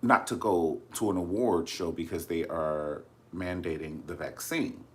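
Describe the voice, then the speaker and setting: A vlogger chats casually to camera about celebrity news, his low voice unhurried and fairly bright against slight background noise. He's sassy and dramatic, often calling viewers honey.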